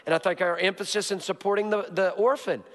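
High-voiced emphatic male preacher. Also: steady tone, quick pace. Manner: emphatic, hammering repetition with joking asides. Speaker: pastor. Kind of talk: sermon. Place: church sanctuary. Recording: long hall reverb.

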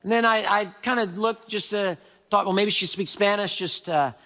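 A man preaching a sermon, telling a story with sudden loud and soft swings. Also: high-pitched, moderate pace. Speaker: pastor. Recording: hall reverb.

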